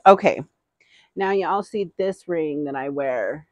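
A woman's voice: sits low, takes it slowly, darkish tone, dry recording. A middle-aged woman vlogger in casual, rambling haul chat, giggling often.

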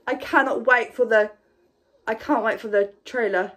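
Gushing woman with a high voice. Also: moderate pace, faint music behind. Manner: gushing and breathless, tripping over her words. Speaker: vlogger. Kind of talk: excited reaction vlog.

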